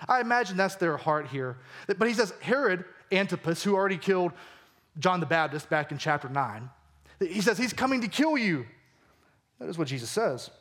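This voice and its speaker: A man's voice: high voice, expressive, a little fast, a bit bright. A man with a Southern American accent preaching a sermon as a pastor, earnest and conversational, full of questions put to his listeners. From Georgia, US.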